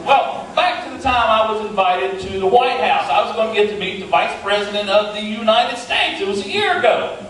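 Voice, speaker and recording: Middle-aged Appalachian-accented male storyteller, playful and lively, distant mic in a roomy hall. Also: high voice, fairly quick, hardly any pauses. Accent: West Virginian Appalachian. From West Virginia. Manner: folksy and playful, self-deprecating. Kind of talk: humorous live tall-tale storytelling. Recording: echoey hall, mic from far off.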